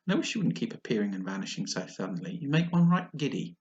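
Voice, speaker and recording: A man voicing a curious, polite young girl in a storybook reading, his voice pitched up for her. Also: sing-song, fast talker, a little mellow, muffled recording, close to an everyday voice.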